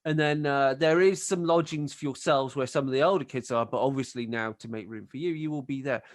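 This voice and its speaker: A man's voice: mid-range voice, a little fast, no room sound, clean studio sound. A man narrating a tabletop game as game master, describing scenes in a rambling way with plenty of fillers.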